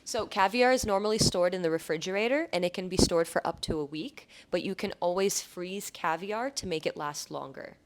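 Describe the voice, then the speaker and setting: An American woman who works in a caviar store, explaining things clearly in a casual conversation and laughing easily. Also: on the low side, a little fast, few pauses.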